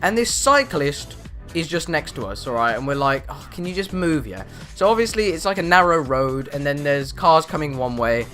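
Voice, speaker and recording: A man's voice: fairly high pitch, moderate pace, faint music behind. A teenage boy vlogging, telling rambling stories with lots of fillers. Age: teens. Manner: rambling, animated, lots of "you know" fillers. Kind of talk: casual storytelling vlog.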